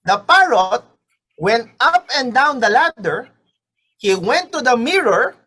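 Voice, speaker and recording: A woman trainer telling a joke at a leaders training, animated and often repeating her words. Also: on the high side, slow, breathy edge.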